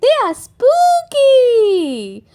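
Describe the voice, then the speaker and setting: A woman voicing an excited, cheeky little girl piglet in a storybook read-aloud. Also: very high-pitched, takes it slowly, pitched above the performer's own voice, exaggerated voice. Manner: bright, eager, childlike delivery.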